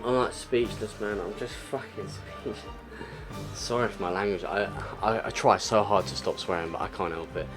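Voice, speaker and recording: A man's voice: lowish voice, fairly quick, few pauses, music in the background. Frustrated young man commentating gameplay. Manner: frustrated, exclamatory, swings between muttering and outbursts. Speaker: gaming YouTuber.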